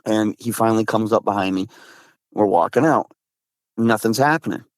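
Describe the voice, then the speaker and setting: A man from Massachusetts, a guest recounting his encounters in casual storytelling, excitable, with frequent restarts and slang. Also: on the low side, moderate pace, dry recording. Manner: excitable, swears, says dude a lot, frequent restarts.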